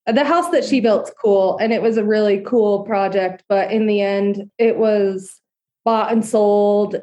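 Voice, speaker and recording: Woman guest, home builder, mellow warm tone, earnest steady delivery. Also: medium pitch. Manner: earnest, steady explaining with fillers. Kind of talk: casual interview answers.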